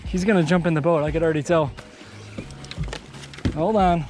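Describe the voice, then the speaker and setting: A man in his twenties chatting casually while fishing from a boat outdoors, getting excited whenever a fish bites. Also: on the high side, moderate pace, long pauses, soft background music. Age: 20s. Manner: excitable, chatty, exclaims at every catch. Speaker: fishing vlogger. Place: outdoors on a bass boat on a lake.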